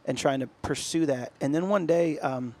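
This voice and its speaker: A man from upstate New York talks through his own story on a podcast. His voice sits a little high. He chats casually and slips into other people's voices when he quotes them. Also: normal speed, vocal fry, darkish tone. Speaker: podcast co-host. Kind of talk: casual chat, personal story.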